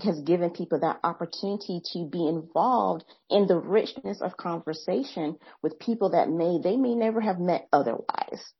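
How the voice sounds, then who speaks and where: A woman's voice: fairly low pitch, moderate pace, hardly any pauses, husky, muffled recording. An American woman with a Midwestern accent, a podcast guest chatting earnestly. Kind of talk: casual chat.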